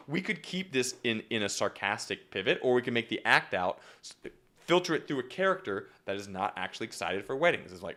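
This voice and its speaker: A young man coaching comedy writing on a live stream, talking casually with lots of fillers and restarts and jumping into acted-out bits. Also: quick pace. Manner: animated, jumps into acted-out bits with big pitch swings; repetitive fillers (yep, okay), restarts.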